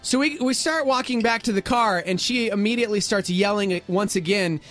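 A man co-hosting a morning radio show, telling stories in animated, casual banter. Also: sits high, fairly quick, soft background music. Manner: animated storytelling with acted quotes.

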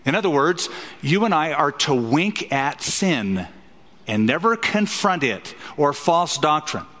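A man's voice: fairly high pitch, very animated, unhurried, fairly bright tone, in a large hall. A man preaching an expository sermon as a pastor, emphatic and fond of rhetorical questions.

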